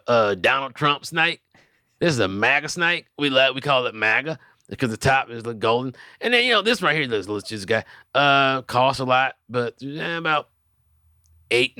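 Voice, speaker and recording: A man's voice: mid-range voice, bright, forceful tone, clean tone, no room sound, studio quality. A man doing a comic voice-over as a rambling male snake breeder who stumbles over his words with many fillers. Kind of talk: comedic voice-over dubbing a video.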